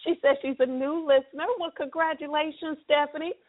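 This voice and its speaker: A woman's voice: sits high, fairly even intonation, fairly quick. A middle-aged woman hosting a live internet radio talk show in an upbeat, chatty way, explaining things step by step over a phone line.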